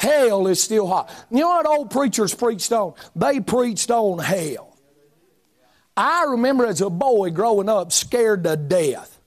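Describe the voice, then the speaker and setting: A man preaching a fiery revival sermon in a church, with a chanting, shouting cadence full of uh fillers. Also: high-pitched, sing-song, measured pace. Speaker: pastor. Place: church sanctuary.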